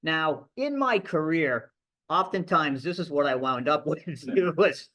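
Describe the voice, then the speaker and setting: A man's voice: fairly high pitch, animated, measured pace, sharp tone. A middle-aged man, a ship captain, giving a conversational, anecdotal talk at a library event. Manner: conversational storytelling with restarts. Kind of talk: anecdotal lecture.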